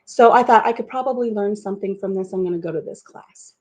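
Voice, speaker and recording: A woman's voice: medium pitch, fast, warm tone. Rambling middle-aged woman chatting on a live stream. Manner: rambling, goes off on tangents. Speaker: livestream host. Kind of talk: casual chat. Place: at home, painting a rock over coffee.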